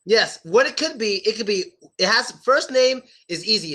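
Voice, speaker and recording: This is a man teaching English pronunciation to an online class, with a high, bright voice that swoops up and down. He talks slowly and playfully and repeats words carefully so learners can copy them. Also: sing-song.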